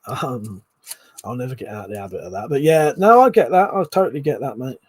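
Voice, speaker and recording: A man's voice: mid-range voice, lively intonation, brisk, slightly rough, no room sound. A man hosting a casual live stream, joking and swearing freely as he chats to viewers. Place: indoors at home, seated low in a chair.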